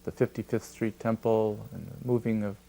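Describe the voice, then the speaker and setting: An older man telling a personal anecdote in a lively, storytelling way. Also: on the low side, normal speed, creaky. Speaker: devotee recalling memories. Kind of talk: storytelling interview.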